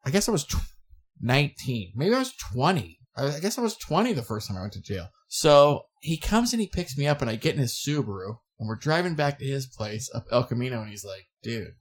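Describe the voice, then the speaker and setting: A man's voice: mid-range voice, sing-song, a little fast. A man co-hosting a podcast, telling long rambling stories in crude, profane casual chat. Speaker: podcast co-host.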